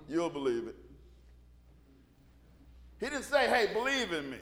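A man's voice: high-pitched, very animated, a little slow, long pauses, a bit bright. A man preaching a sermon, retelling Bible stories in casual slang and acting out the people in them. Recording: long reverb from a hall.

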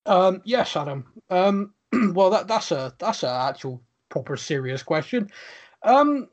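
A man's voice: high voice, very animated, a little slow, lo-fi sound. A man hosting a casual podcast, reading out listener questions and answering in a chatty way with stammering restarts and frequent laughs. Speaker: podcast host.

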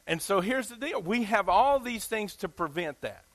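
A man's voice: high voice, animated, moderate pace. A man with a Southern US accent preaching a sermon in an emphatic, folksy way, asking his listeners questions.

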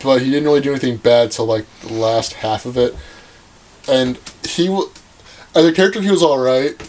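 A man's voice: mid-range voice, a little fast, darkish tone. A young man hosting a podcast, joking and rambling sarcastically in a casual movie-review chat. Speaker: podcast host.

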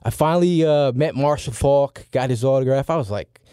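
A man in his forties, a podcast regular, telling a story in a lively, excitable way with many fillers. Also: mid-range voice, moderate pace, clean tone, dry recording, studio quality. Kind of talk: animated storytelling.

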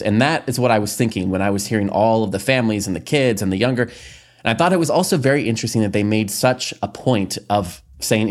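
A man hosting a casual podcast talk, his voice on the low side. He chats freely, sprinkling in likes and little laughs. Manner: chatty, quick to laugh, filler-heavy. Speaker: podcast host. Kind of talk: casual discussion.

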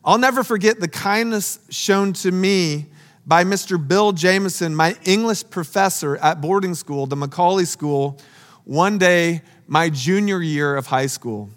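A man preaching a sermon in a slightly high voice, earnest and emphatic. He takes his time with unhurried, dramatic pauses. His voice rings with the long echo of a large hall.

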